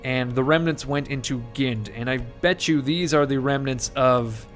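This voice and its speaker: A man's voice: medium pitch, moderate pace, fairly bright tone, soft background music. Rambling male game commentator. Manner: rambling, self-correcting, joking. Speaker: let's play host. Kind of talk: casual gameplay commentary.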